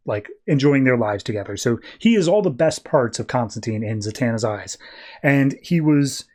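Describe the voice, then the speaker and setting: Male podcast host, casual animated storyteller, average pitch. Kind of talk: casual comic book review.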